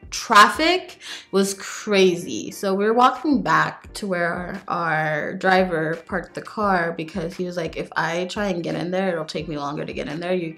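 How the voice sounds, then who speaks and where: A young woman vlogging casually as she does her makeup, telling a story in a chatty, animated way with lots of "like". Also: lowish voice, moderate pace, gravelly, soft background music. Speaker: beauty vlogger.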